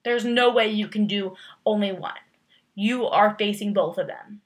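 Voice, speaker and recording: A woman's voice: medium pitch, unhurried. A young woman vlogging casually, rambling through tag questions with lots of fillers and playful, exaggerated emphasis.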